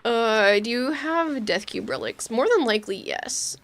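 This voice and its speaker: A woman's voice: on the high side, lively intonation, a little slow, fairly bright tone. Chatty young woman streamer, laughs often. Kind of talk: casual gaming stream chat.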